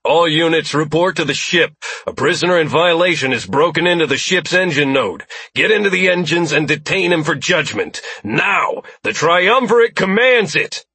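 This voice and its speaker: Brief: a clipped, commanding female squad leader, raised and loud, a male narrator putting her on, husky edge. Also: a little high, normal speed, no room sound, pitched above the performer's own voice.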